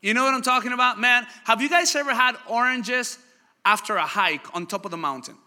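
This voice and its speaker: A man preaching a sermon, telling lively stories and asking the congregation questions. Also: very high voice, brisk, clean tone. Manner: animated storytelling, asks the crowd questions. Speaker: pastor. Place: church hall. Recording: church hall reverb.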